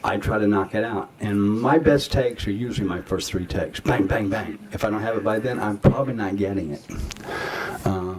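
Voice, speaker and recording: A man's voice: lowish voice, brisk, darkish tone. An older man, a guest actor at a festival Q&A, telling rambling anecdotes full of acted-out quotes. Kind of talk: festival Q&A storytelling. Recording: audience noise in a festival hall.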